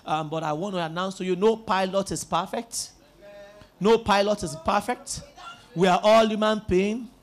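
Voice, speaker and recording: A man's voice: high voice, steady tone, normal speed, voice pushed down, close to an everyday voice. A preacher putting on the voice of a hesitant male airline pilot making a cabin announcement, full of ums. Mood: announcing. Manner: hesitant, filler-laden announcing.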